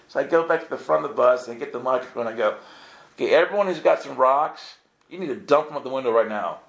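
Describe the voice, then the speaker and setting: A man tells stories to a group with lively comic timing. He acts out the voices in his stories and jumps into high, excited outbursts. His voice has a medium pitch and the room around him echoes. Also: brisk. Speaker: speaker telling stories to a group. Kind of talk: animated storytelling.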